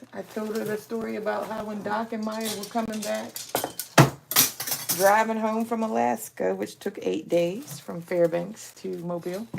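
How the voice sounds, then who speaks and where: Gravelly chatty woman. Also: medium pitch, a little mellow, slight background noise. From Aliquippa, Pennsylvania. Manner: chatty storyteller who acts out other people's lines; folksy, calls listeners honey. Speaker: live-stream host. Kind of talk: casual live-stream chat while crafting.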